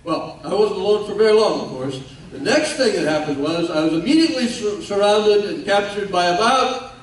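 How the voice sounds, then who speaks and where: A man's voice: high-pitched, lively intonation, moderate pace. An older man gives a speech as guest speaker, telling his story in a folksy way with self-mocking humor. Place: large hall at a ceremony. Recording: echoey hall from far off, faint noise.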